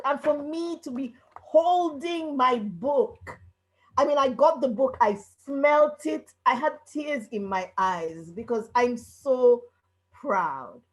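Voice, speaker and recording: A woman speaking on a video call, giving an emotional tribute to an old friend, repeating herself in quick bursts. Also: high-pitched, rough recording. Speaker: friend of the author.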